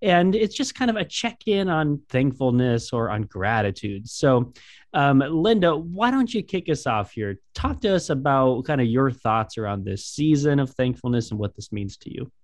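A man's voice: medium pitch, big pitch swings, moderate pace, no echo, clean studio sound. Upbeat man hosting a faith podcast. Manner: upbeat, playful, with restarts. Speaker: podcast co-host. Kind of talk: casual faith podcast chat.

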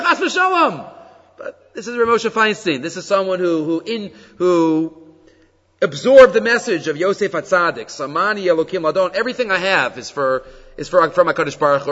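A man teaching a Torah class on the weekly portion, telling stories with animated energy and mixing Hebrew quotes into English explanation. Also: high voice. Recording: dull recording with long hall reverb.

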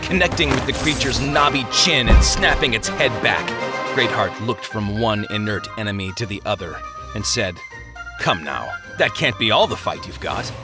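A man reading a story aloud as narrator, with an expressive delivery. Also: medium pitch.

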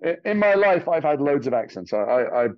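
A man's voice: on the high side, sing-song, brisk, no room sound, dull audio. A man from England, an actor, telling stories animatedly in an interview, swearing casually. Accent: Liverpool and London English. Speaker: actor guest. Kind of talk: interview conversation.

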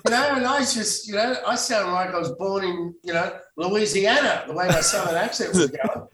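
A high-pitched, slightly bright voice at normal speed belongs to a middle-aged Australian actor guesting in a casual interview, with slight background noise. His storytelling rambles with frequent restarts and self-corrections, and the distant mic adds roomy echo.

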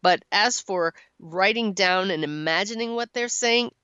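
A middle-aged woman hosting a call-in radio show, encouraging and quick to laugh. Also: medium pitch, clear, resonant tone, dry recording, dull audio. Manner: warm-voiced, encouraging, laughs often. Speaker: radio show host and channeler. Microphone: studio microphone.

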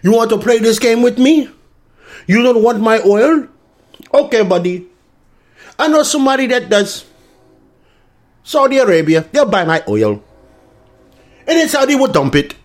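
A man's voice: very high voice, lively intonation, a little slow, pauses often. A man doing a mocking impression of a smug male foreign leader, taunting his rivals.

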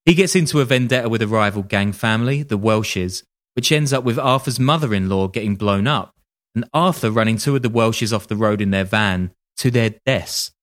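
A man's voice: on the low side, a little fast, a bit bright. A man telling a true-crime story casually on a podcast, with wry joking asides and casual swearing. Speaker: podcast host.

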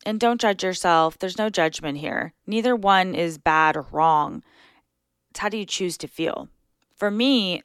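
A woman's voice: lowish voice, measured pace, a bit bright, smooth, no room sound, clean studio sound. A woman hosting a solo podcast, talking casually and earnestly as she coaches her listeners through their thinking. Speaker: podcast host.

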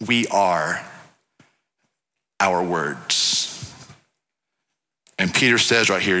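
A man preaching a sermon as pastor, emphatic, swinging between loud declarations and low, slow stresses. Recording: preached in a reverberant hall.

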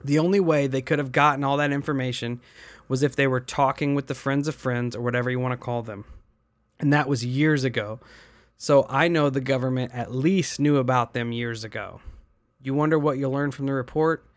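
A man's voice: mid-range voice, fairly even intonation, brisk, no room sound. Man reading aloud, dry close mic. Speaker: podcast host reading online posts. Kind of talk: reading aloud and casual chat.

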